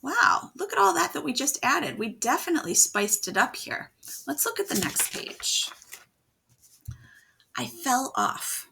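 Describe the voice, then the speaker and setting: A woman writing teacher modeling how to revise a story aloud, thinking out loud and animated as she reads lines from the draft. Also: high voice, unhurried, gravelly, a little hiss or hum.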